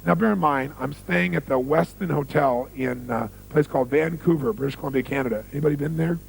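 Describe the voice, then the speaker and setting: This motivational speaker delivers a seminar talk from the stage, weaving in stories, hammering home key phrases through repetition, and putting questions to the crowd. He speaks a little fast in a creaky, somewhat high voice. A little hiss or hum runs through the rough recording.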